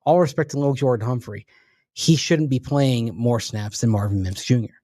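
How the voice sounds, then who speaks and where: A man's voice: mid-range voice, normal speed, warm tone, no echo, clean studio sound. A man co-hosting a sports radio show, breaking down the team in an analytical, emphatic way. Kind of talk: casual sports talk.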